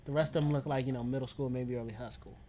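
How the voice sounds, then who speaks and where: A man's voice: mid-range voice, steady tone, fast talker, over a noisy crowd. A man co-hosting a casual watch-along, giving wry, opinionated commentary and jokes. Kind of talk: casual chat over a TV show.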